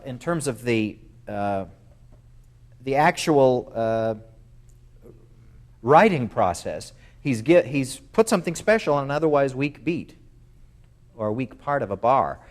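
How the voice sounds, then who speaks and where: A man's voice: mid-range voice, darkish tone. Man coaching a music masterclass. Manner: explains, then sings phrases on syllables; thoughtful, with many fillers. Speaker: music clinician.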